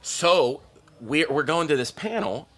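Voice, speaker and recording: A man, a stand-up comedian, telling a profane, excitable story on a podcast, peppered with "like" and "okay?". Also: fairly high pitch, a little slow, faint music behind.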